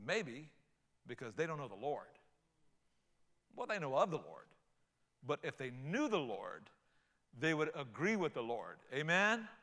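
An older man preaching a sermon, folksy and animated, telling playful stories. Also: a little high, measured pace, long pauses. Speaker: pastor.

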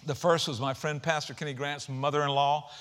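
A man preaching a sermon as pastor, animated, with folksy asides and rising emphasis. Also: a little high, a little fast, clean tone.

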